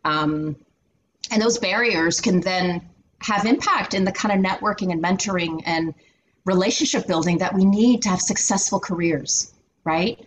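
A middle-aged woman speaking as an interview guest, telling candid workplace stories with animated, filler-heavy phrasing. Her voice sits a little low for a woman. Faint ambient noise stays in the background. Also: moderate pace, rough recording. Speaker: interview guest, finance executive. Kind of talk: candid storytelling in conversation.

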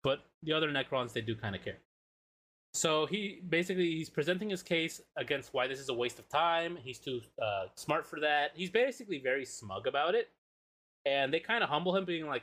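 On a podcast he co-hosts, a man relays a comic tale casually, voicing the quotes and swearing with plenty of animation. His pitch is on the high side and his pace slightly quick.

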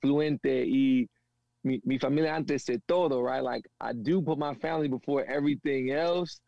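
A man from a Panamanian family in the US, telling stories in a casual conversation with animated slang. He often asks "you know what I'm saying". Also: mid-range voice, moderate pace, gravelly, no room sound, muffled recording. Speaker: guest.

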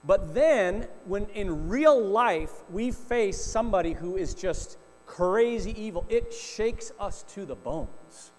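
Middle-aged male pastor, high voice, chatty storytelling sermon, echoing hall, faint hum. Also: expressive, takes it slowly, few pauses, a little mellow. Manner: storytelling, conversational with frequent "right?" asides.

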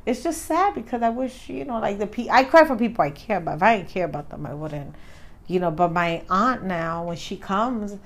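A woman's voice: mid-range voice, brisk. A young woman co-hosting a podcast, talking in a chatty, rambling way and acting out her own reactions. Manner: chatty, rambling, animated retelling. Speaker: podcast co-host. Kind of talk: casual chat.

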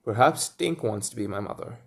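A man reading the lines of a blunt, puzzled boy who won't grow up, in his own low voice. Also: lively intonation, a little fast, vocal fry, breathy edge, heavily acted.

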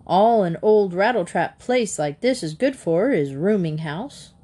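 A woman's voice: mid-range voice, lively intonation, unhurried, dark tone. A woman voicing a blunt, heavyset male house buyer who talks in clipped, grunting phrases.

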